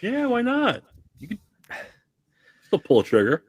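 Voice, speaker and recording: A man's voice: sits high, wildly swooping pitch, measured pace, slightly rough, no room sound. A man co-hosting a podcast, chiming in with quips in a laid-back manner. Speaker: podcast co-host. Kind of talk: casual podcast banter.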